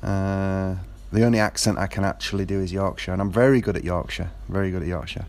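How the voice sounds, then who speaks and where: A man with a somewhat low voice chats casually about football. He rambles, stopping often for fillers and starting his sentences over. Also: steady tone, quick pace, a little mellow. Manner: rambling, with frequent fillers and restarts. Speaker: football fan. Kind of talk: casual monologue.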